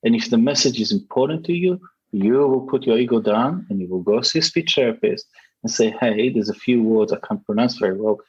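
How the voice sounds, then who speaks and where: A man's voice: medium pitch, fairly quick, slightly rough, lo-fi sound. A man for whom English is a second language, giving emphatic interview answers over a remote call. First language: not English. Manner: emphatic, acts out quoted voices. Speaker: podcast guest, public speaking champion.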